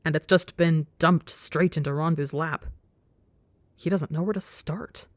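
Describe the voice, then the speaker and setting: Woman reading a story out loud, low voice, dry close mic, calm and measured. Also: dry recording. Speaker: audiobook narrator. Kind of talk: scripted narration of fan fiction.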